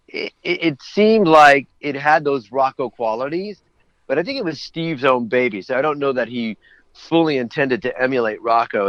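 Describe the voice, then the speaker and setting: A man's voice: medium pitch, no room sound, muffled recording. A man who works as a voice actor, chatting as a guest in a casual interview and telling rambling anecdotes.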